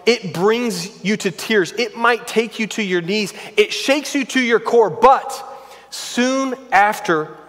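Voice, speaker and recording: A pastor preaching a sermon in a church, earnest and emphatic, building intensity on repeated phrases. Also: male voice, sits high, a bit bright. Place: church sanctuary. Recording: long reverb of a large church hall.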